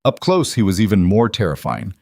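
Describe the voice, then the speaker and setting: A man's voice: on the low side, sing-song, fairly quick, gravelly, darkish tone, dry recording. A man reading scripted narration of a tense story in a dramatic, suspenseful way.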